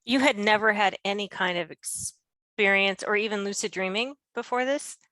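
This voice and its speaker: A woman interviewer with a medium-pitched voice asks follow-up questions and nudges the guest along with short prompts. Her voice sounds close and dry. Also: moderate pace, bright, forceful tone, dry recording. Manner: brief encouraging prompts. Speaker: podcast host.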